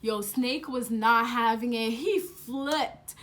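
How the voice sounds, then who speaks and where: A young woman telling a story to the camera at home, animated and casual, swearing freely and using slang. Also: a little high, takes it slowly, a little hiss or hum. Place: home, indoors.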